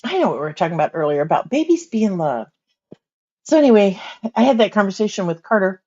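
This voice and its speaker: A woman's voice: medium pitch, sing-song, fast, dark tone, muffled recording. An older woman, an author hosting a casual livestream, chatting and laughing often while she coos at a baby.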